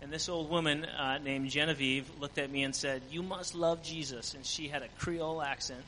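Man, higher voice, bright tone, earnest mission testimony, reverberant hall. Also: steady tone, normal speed, a little hiss or hum. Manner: earnest storytelling with frequent fillers. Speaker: mission trip team member.

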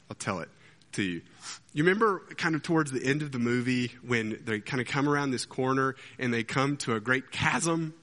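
A man preaching a sermon as pastor, an animated storyteller who acts out scenes as he talks. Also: mid-range voice. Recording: long hall reverb.

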